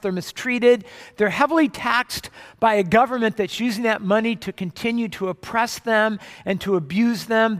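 Man, pastor, conversational sermon, frequent restarts, high voice, reverberant church. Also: fairly bright tone. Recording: long hall reverb.

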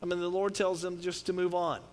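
A middle-aged man preaching a sermon in a conversational, joking way, with swings from loud to quiet. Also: high voice, little pitch movement, a little fast, slight background noise. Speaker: pastor.

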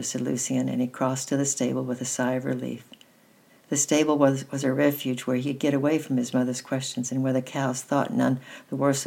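A woman reading a children's novel aloud in a steady, gentle storytelling manner, with a husky voice. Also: rumbling low. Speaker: reader.

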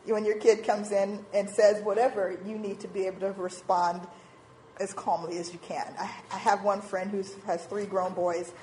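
A woman in her forties giving an informal church talk on parenting, animated and acting out little quoted voices. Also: mid-range voice, moderate pace, a little hiss or hum, low-quality recording. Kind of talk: informal sermon talk with slides.

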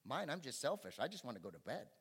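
A middle-aged pastor preaching a sermon in a conversational way, building to emphatic bursts. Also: male voice, medium pitch, sing-song, quick pace, fairly bright tone, husky.

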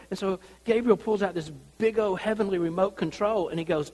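A male pastor preaching a sermon, telling the story in an animated way and acting out the people in it. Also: high-pitched, moderate pace, long reverb tail.

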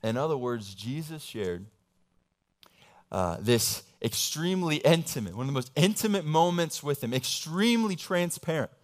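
Young man, slightly high voice, casual animated sermon with big swings in volume. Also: moderate pace. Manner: animated preaching, swings from loud emphasis to low asides. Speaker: pastor.

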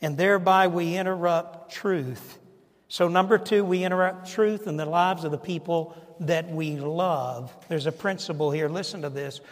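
A man's voice: on the high side, moderate pace, big-room sound. A male pastor preaching a sermon, stressing his points and asking the congregation rhetorical questions.

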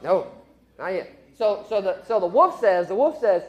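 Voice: medium pitch, big pitch swings, moderate pace, muffled recording. A speaker casually telling a story to a group as a sermon illustration, chatty and self-deprecating, often laughing.

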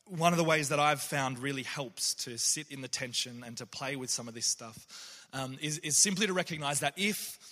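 A poet gives a reflective talk on faith woven with stories, speaking earnestly, frequently restarting sentences, and briefly acting out the voices of people he quotes. His voice is fairly high and sharp in tone, with a big-room sound.

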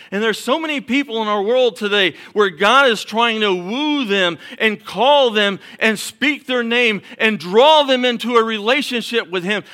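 A middle-aged man preaching a sermon as pastor, building points through emphatic repetition and dropping to soft murmurs. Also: high-pitched.

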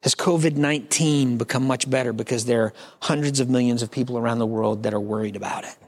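Man, pastor, conversational sermon, joking asides, mid-range pitch. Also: fairly even intonation, fast. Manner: acts out quoted voices.

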